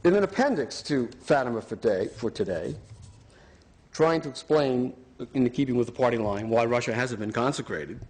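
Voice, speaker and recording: A man's voice: mid-range voice, lively intonation, moderate pace, darkish tone. A man giving an argumentative talk, sarcastic and emphatic as he builds his points. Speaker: speaker.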